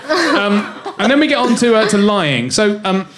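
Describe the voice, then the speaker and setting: High, lively man reading out quiz answers. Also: moderate pace. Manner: hesitant, many ums and uhs. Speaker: producer scoring the quiz. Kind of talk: reading out answers on a comedy panel podcast. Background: live audience laughter.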